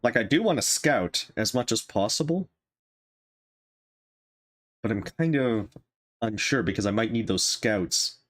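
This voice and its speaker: A man's voice: fairly low pitch, expressive, unhurried, long pauses, fairly bright tone. A man streaming a survival game, giving casual commentary and thinking aloud over his choices.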